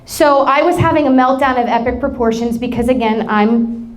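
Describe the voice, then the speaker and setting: A woman's voice: a little high, normal speed. A woman in her thirties preaching a sermon, telling personal stories in a candid, emotional, self-deprecating way. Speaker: pastor.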